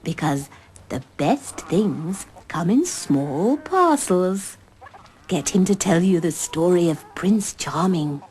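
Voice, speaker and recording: A woman's voice: on the low side, animated. A woman voicing a wise, homely hen puppet who speaks in proverbs. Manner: gently proverb-quoting, unhurried.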